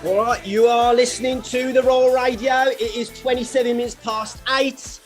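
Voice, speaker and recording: A co-host runs a school radio show, reading facts and joking with the other host. The voice sits at a middle pitch. A faint music bed plays behind it. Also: steady tone, normal speed. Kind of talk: casual radio chat.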